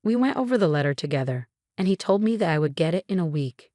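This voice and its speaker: Low-voiced woman narrating a story. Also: lively intonation, fast talker, dark tone, no room sound, clean studio sound. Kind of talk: scripted first-person story narration.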